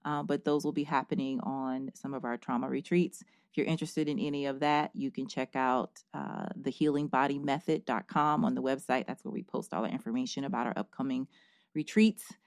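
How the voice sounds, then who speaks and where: A woman hosting a podcast, asking questions in relaxed casual chat. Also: rumbling low, fairly quick, creaky, no room sound, studio quality. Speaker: podcast host.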